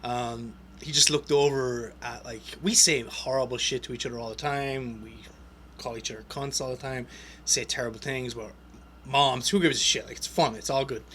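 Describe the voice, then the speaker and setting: A man's voice: medium pitch, normal speed, slight background noise. A man hosting a podcast, telling stories in casual chat, swearing often and breaking into laughs. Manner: swearing, animated storyteller with laughs. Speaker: podcast host.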